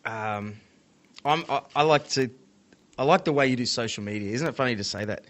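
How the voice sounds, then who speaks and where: A male podcast host in a casual chat. He stumbles and restarts his questions, then breaks in with quick jokes. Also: mid-range voice, a bit bright.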